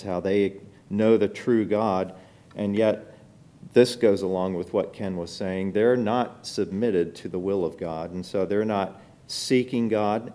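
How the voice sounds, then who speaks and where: A middle-aged man teaching a Bible lesson, speaking off the cuff with many pauses and restarts as he reads out scripture. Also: lowish voice, mellow. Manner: unscripted and halting, with many fillers, restarts and quoted scripture.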